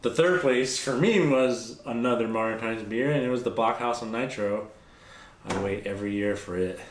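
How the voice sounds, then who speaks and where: A man's voice: medium pitch, moderate pace, a little hiss or hum. Laid-back man host in echoey room. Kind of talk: casual chat.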